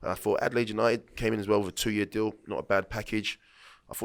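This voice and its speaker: A gravelly, lowish male voice with little pitch movement moves at a quick pace. The speaker is a former footballer in his late thirties guesting on a podcast, telling loose, rambling stories casually, with restarts and acted-out quoted lines.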